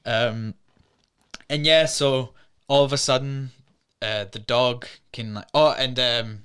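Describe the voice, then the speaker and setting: A man with a bright, crisp, clear voice chats casually as a podcast co-host. He retells a film's scenes with animated energy and drops into voices for the characters. The sound is clean and recorded in a studio. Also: medium pitch, takes it slowly. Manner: animated retelling, acts out quotes in put-on voices. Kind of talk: casual film review chat.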